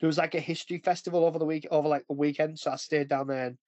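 Rambling, chatty man with a fairly high voice. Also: fairly even intonation, rapid-fire, a little mellow, dry recording. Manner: rambling, chatty, often breaks into acted quotes. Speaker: podcast host. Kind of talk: casual chat.

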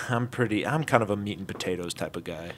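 A man's voice: on the low side, brisk, fairly bright tone. A man co-hosting a casual chat podcast, talking in an easygoing way and laughing often. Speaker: podcast co-host.

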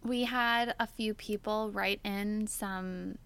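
A woman's voice: slow pace, clean tone. A young woman co-hosting a podcast, telling a story in casual chat with lots of "like"s. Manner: animated storyteller, many "like"s, voice jumps high when retelling her yelling. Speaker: podcast co-host.

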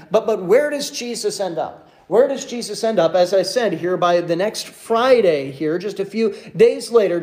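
A male pastor preaching a sermon, reading scripture and then retelling it in a lively way with many restarts. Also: sits high.

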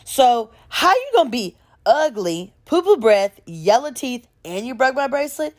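A woman's voice: fairly high pitch, fast talker, pitched above the performer's own voice. A woman voicing a fed-up young woman on a bad date, sassy and exasperated. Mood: indignant.

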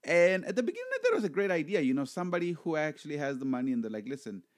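A man hosts a loose, jokey podcast chat, and his pitch swings widely from one moment to the next. He often repeats himself as he talks. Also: racing. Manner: animated, repeats words, jokey. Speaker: podcast host.

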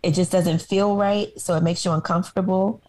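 Opinionated woman podcast co-host, mellow voice. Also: lowish voice, fairly even intonation, moderate pace. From Harlem, New York. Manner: conversational, opinionated, laughs easily. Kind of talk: casual chat.

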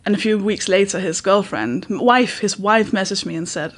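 A woman's voice: mid-range voice, brisk, hardly any pauses, fairly bright tone, husky. Candid woman telling a story. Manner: candid, storytelling with quoted dialogue. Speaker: podcast host. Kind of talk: casual chat.

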